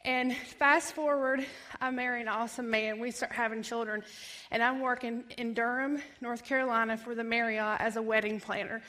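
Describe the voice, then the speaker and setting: Lively woman telling her testimony. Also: on the high side, normal speed. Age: 30s. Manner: animated storytelling, acts out quoted voices, laughs often. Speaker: ministry founder giving testimony. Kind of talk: personal testimony.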